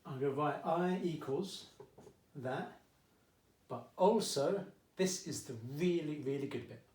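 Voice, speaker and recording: A man's voice: on the high side, measured pace, darkish tone, recorded from a distance. Male maths teacher, Essex accent, jokey and conversational, recorded in an echoey room at home. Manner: chatty and jokey, keeps checking in with "okay?". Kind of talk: casual video lesson. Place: at home during lockdown. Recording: echoey room, mic set back.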